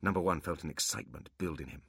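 A man narrating a fantasy audiobook with expressive storytelling. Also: low voice, quick pace, creaky, slightly rough, no echo, clean studio sound.

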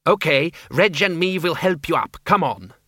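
A man's voice: a little high, expressive, moderate pace, no room sound, studio quality, pitched above the performer's own voice. A man voicing a fierce, bossy middle-aged woman who orders her husband about. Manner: sharp, nagging, commanding.

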